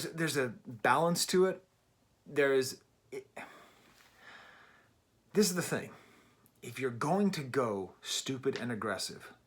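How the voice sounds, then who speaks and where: A man's voice: mid-range voice, fairly bright tone, breathy edge. A middle-aged man giving a casual, emphatic and wry album review from his daughter's bedroom at home. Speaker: music reviewer.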